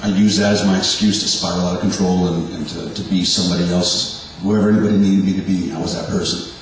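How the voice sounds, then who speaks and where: A man in his forties giving a halting, self-deprecating personal testimony to a church congregation. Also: low-pitched, flat delivery. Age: 40s. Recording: echoey hall from far off, faint hum.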